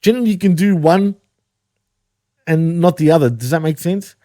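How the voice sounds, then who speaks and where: A man's voice: on the high side, moderate pace, dark tone, no room sound, studio quality. An Australian man co-hosting a podcast, chatting casually, swearing freely and laughing often. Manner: swears often, laughs a lot, says bro and dude. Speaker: podcast co-host. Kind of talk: casual chat.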